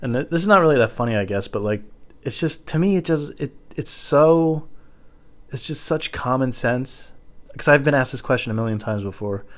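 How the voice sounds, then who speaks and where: A young man doing a rambling, crude, self-mocking comedy monologue at home, jumping into silly high voices. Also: animated, moderate pace. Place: home room.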